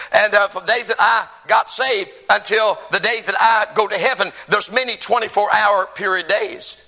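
A man's voice: high voice, gravelly, bright, forceful tone, rough recording. A man preaching a sermon as pastor, stressing and repeating key phrases.

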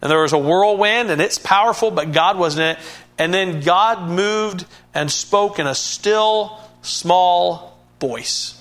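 A man's voice: high voice, slow pace, a bit bright. A man preaching a sermon in an earnest way, often repeating and restarting words and rising to emphatic bursts.

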